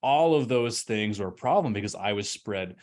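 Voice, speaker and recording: Man in his thirties, restaurant consultant, lively conversational webinar delivery. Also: lowish voice, normal speed. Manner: energetic, conversational storytelling. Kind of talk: webinar presentation.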